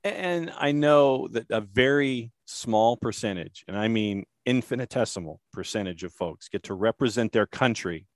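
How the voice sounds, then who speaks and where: A man's voice: medium pitch, moderate pace, hardly any pauses, no echo, clean studio sound. A man hosting a soccer podcast, asking earnest, thoughtful interview questions. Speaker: podcast host.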